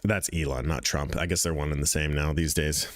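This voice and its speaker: A man's voice: very deep voice, steady tone, brisk. A man hosting a crypto trading channel, giving casual market commentary over charts in a blunt, profane way, repeating points for emphasis.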